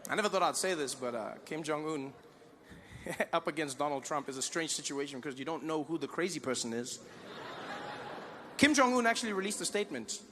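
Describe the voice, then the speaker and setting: Male stand-up comic, South African accent, fairly high voice, lively delivery, big live venue, handheld mic. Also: brisk, long pauses, a little hiss or hum. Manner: animated, switches into voices. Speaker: stand-up comedian. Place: large live performance venue.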